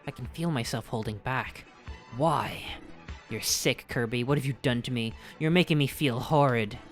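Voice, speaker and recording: A man's voice: medium pitch, normal speed, soft background music, natural voice. A man reading aloud as an arrogant evil knight who was once a childhood doll, in a melodramatic villain delivery. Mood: panicked. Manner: melodramatic villain reading, swings to panicked shouting. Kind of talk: reading game dialogue aloud.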